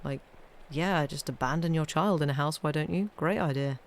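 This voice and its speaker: A woman reads classic ghost stories aloud and chats between them in a wry, easygoing way. Her sentences often fade to a quiet murmur at the end. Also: sits low, moderate pace, slight background noise. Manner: chatty, wry, trailing off quietly. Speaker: storyteller streaming live readings.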